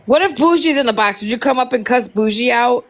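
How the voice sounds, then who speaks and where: A woman's voice: on the high side, a little fast. Playful woman egging the host on. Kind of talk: casual live stream chat.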